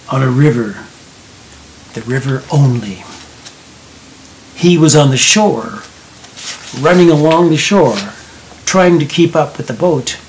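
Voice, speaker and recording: Slow, soft-spoken man reading a story. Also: mid-range voice, slight background noise, low-quality recording. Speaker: narrator. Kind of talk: scripted storybook narration.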